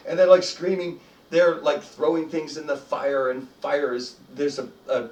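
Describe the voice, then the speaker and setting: A man running a tabletop game as game master, narrating in a chatty, halting way with many fillers. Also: fairly high pitch, flat delivery, a little mellow. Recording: roomy, distant mic, faint music.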